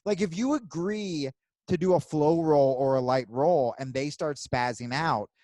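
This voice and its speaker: A man hosting a podcast, telling stories in a casual, profane, animated way. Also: on the high side, unhurried, dry recording. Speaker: podcast host.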